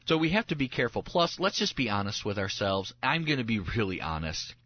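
A man's voice: mid-range voice, fairly quick, dry recording. Pastor guy on the radio, earnest, acts out quotes, kinda muffled dry sound. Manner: earnest, animated storytelling with acted-out quotes. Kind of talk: radio talk show guest.

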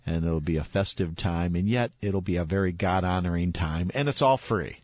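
A man's voice: low voice, moderate pace, dry recording, muffled recording. A man co-hosting a Christian radio show, friendly and inviting as he announces an event.

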